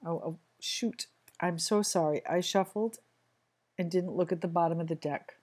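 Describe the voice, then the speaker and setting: A woman talks through a tarot spread for her viewers in a loose, conversational way. Her voice sits a little low. She often stops, restarts and apologizes as she goes. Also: darkish tone. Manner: chatty, halting, apologetic, frequent restarts. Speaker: tarot reader. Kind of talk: casual tarot reading to camera.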